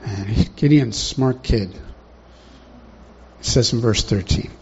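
A man's voice: medium pitch, slow, darkish tone, breathy edge. A man preaching a sermon in a conversational way, often putting questions to the congregation, in a dull lo-fi recording.

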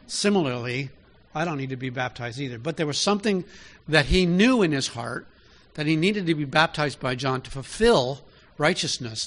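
A man preaching a sermon in an easy, conversational way, often asking his listeners direct questions. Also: on the high side.

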